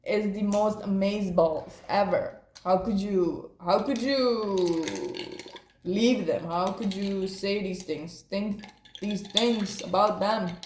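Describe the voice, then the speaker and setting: A pushy female friend who scolds and pleads over the top, pitched a little higher than a relaxed, slow speaking voice, as a woman puts her on. The sound is mellow and sits in an echoey room. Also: slight background noise, lightly acted. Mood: scolding.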